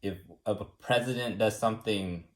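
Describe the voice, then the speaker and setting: A man from the United States explaining government in a casual, rambling way, repeating words and filling pauses with "like" and "um". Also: on the low side. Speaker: explainer teaching about government.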